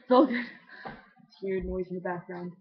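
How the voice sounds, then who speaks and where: A man's voice: high voice, normal speed, breathy edge. A young trans man in his late teens talks straight to a webcam in a loose, wandering way. He leans on "like" and drops swear words as he goes. The audio is dull and lo-fi. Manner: rambling, heavy use of "like", casual swearing. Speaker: vlogger. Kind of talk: casual confessional storytelling.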